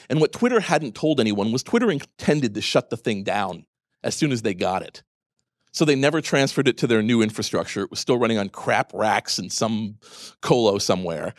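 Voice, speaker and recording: A man speaking at a conference, his pitch leaping all over the place as he rants with biting sarcasm and the odd curse. He drops into low asides, then bursts out high and loud. The sound is dry and close, with no room around it. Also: no echo. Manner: sarcastic, profane, ranting storyteller; swings from low mutters to loud, high outbursts. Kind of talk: animated conference talk.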